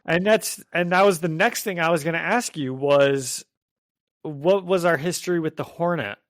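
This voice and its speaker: Brief: lively podcast host, man, slightly high voice, dry close mic. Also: moderate pace, dry recording. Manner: animated, laughs often, acts out quotes. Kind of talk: casual comic book podcast chat.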